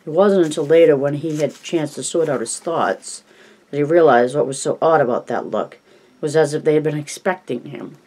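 A man narrating a novel in an even, measured storytelling voice. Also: on the high side, poor audio. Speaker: audiobook narrator.

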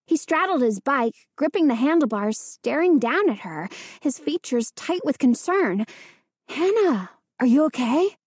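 A woman narrating a children's horror storybook in a measured, suspenseful reading. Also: high-pitched, big pitch swings, no echo, studio quality. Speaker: audiobook narrator.

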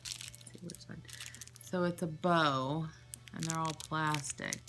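A woman vlogger chatting casually to camera while unboxing, animated and full of exclamations and asides. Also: low-pitched, slow, over music. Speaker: vlogger unboxing a nail art haul.

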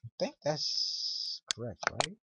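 A man's voice: mid-range voice, sing-song, slow. A teenage boy recording a casual coding tutorial, rambling and talking to himself, easily frustrated. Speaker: tutorial maker. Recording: dull lo-fi mic with loud hiss. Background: keyboard and mouse clicks.

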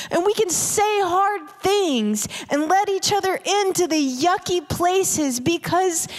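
A woman preaching a sermon in an intimate way, often dropping to a whisper to stress a point. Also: very high-pitched. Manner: intimate, drops to whispers for emphasis. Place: large church hall. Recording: live church hall reverb.

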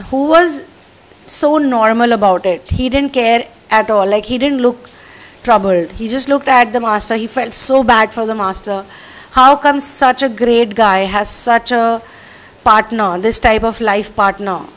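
A woman, telling a spiritual story in a conversational way at home. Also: a little high. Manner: warm, conversational, chatty storytelling. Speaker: spiritual counselor and channel host.

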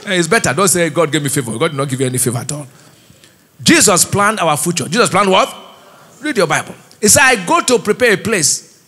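Speaking fast and animatedly in a high-leaning voice that is pushed, bright, and breathy-edged, a middle-aged Nigerian pastor delivers a sermon. He relies on call-and-response, having the congregation finish his words in the church auditorium.

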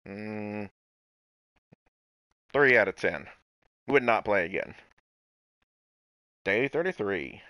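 A man's voice: lowish voice, fairly bright tone. A man casually commenting on his own gameplay, playful and talking to himself with sudden outbursts. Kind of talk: casual let's-play commentary.

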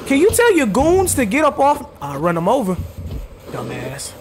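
A man with a high voice talks casually over a game he is streaming, bragging in a playful, trash-talking way and sometimes breaking into shouts at the characters. Loud game sound runs behind him the whole time. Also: huge pitch swings, moderate pace, background noise. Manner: boastful, playful trash talk. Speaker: gaming streamer. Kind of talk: casual gameplay commentary.

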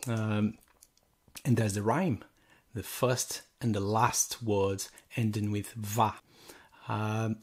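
Slow, husky-voiced male lecturer. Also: on the low side. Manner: slow and halting, many fillers and restarts. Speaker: university language lecturer. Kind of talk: recorded sample lecture.

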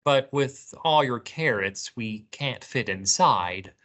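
A woman voicing a calm, generous male beaver in a picture-book reading. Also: very deep voice, slow pace, full character voice.

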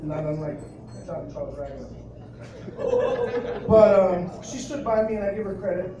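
A man, telling animated stand-up stories at an open mic and acting out other people's voices. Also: sits high, normal speed. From the Bronx, New York. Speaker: stand-up comedian. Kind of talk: stand-up comedy set. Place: club open mic, live audience. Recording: noisy crowded room, distant and echoey.

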